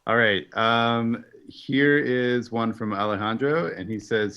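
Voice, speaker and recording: A man reading viewer questions aloud, with brief quiet reactions in between. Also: mid-range voice, slow, few pauses, smooth, lo-fi sound.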